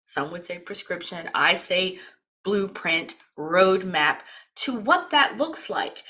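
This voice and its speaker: A woman's voice: on the low side, very animated, slow, bright, forceful tone. A woman from the East Coast of the United States hosting a wellness program, chatty and talkative, introducing her guest in a casual live session. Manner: chatty, talkative, laughs often.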